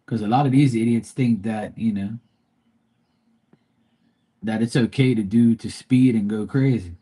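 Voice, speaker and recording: A man holding forth in casual live-stream chat, blunt and profane as he rants. His voice is dark and mellow, with a husky edge to it. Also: on the low side, a little slow. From Bermuda.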